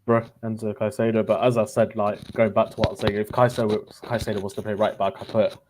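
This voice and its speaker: A man on a panel in a casual football chat on a live stream, speaking hesitantly with frequent pauses and restarts. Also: lowish voice, flat delivery, background noise. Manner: hesitant, full of ums and restarts.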